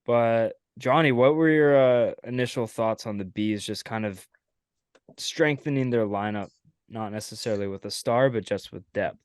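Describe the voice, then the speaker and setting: A man hosting a casual sports podcast, relaxed and talking with fillers. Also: lowish voice, normal speed, clean tone, no room sound, studio quality. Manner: relaxed, fillers, laughs along. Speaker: host.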